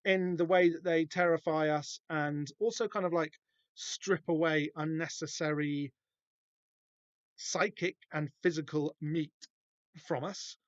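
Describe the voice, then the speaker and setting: A man's voice: on the high side, steady tone, measured pace, dry recording, lo-fi sound. A man hosting a podcast, giving casual, rambling and wry comic book commentary that keeps interrupting itself. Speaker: podcast host.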